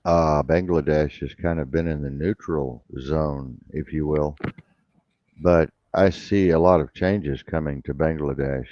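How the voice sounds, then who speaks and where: Man, radio host, very low voice, dry muffled recording, casual talk. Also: fairly even intonation, unhurried, dry recording. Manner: drawling, repeats himself, says uh often. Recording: dull lo-fi sound.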